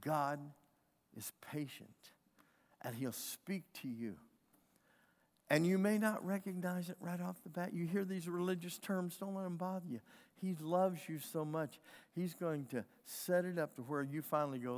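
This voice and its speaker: A pastor delivers a sermon, telling the story with voices and dropping from loud passages to hushed ones. His voice sits a little high for a man, and it rings with the long reverb of a hall. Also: unhurried.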